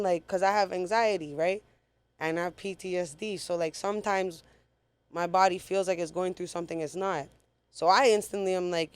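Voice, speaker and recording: A woman's voice: fairly low pitch, a little fast, clear, resonant tone. A woman guest recounting a personal story in a casual interview, talking bluntly with a lot of swearing. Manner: blunt, profane, animated retelling.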